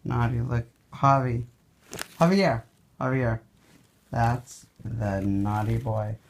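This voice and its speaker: A woman talks slowly to her cat at home, coaxing and scolding it between sudden exclamations. She is filming on a handheld camera, and the home video carries steady background noise. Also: rumbling low.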